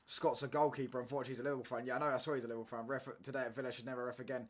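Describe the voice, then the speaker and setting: A young man talks football to his stream viewers, loose and animated. He keeps throwing in slang and checking that the chat follows his point. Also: medium pitch, rapid-fire. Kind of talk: casual chat. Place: home streaming setup.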